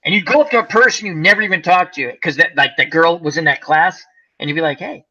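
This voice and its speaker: A man's voice: fairly high pitch, fast talker, sharp tone, lo-fi sound. A man in his forties hosting a casual chat, telling stories animatedly and acting out voices. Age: 40s. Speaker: host.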